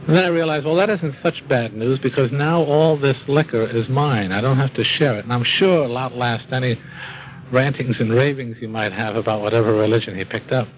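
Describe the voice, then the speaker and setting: Brisk and mid-range, this man's voice comes through with the highs cut off as he spins a folksy, wry tale of his own drinking. He mocks himself and acts out the things people said to him.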